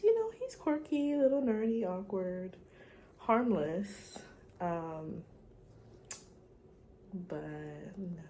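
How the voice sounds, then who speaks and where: A woman's voice: lowish voice, vocal fry, warm tone, a little hiss or hum, poor audio. A young woman talking candidly and gossipily in a casual vlog, swearing freely. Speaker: vlogger.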